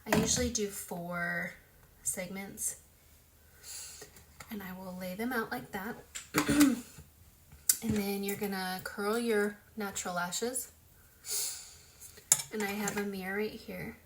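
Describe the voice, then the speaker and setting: A woman talking through a casual makeup tutorial in a loose, chatty way, full of fillers, sometimes dropping to a soft whisper as she works. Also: mid-range voice, takes it slowly, long pauses, heavy background noise. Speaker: beauty vlogger.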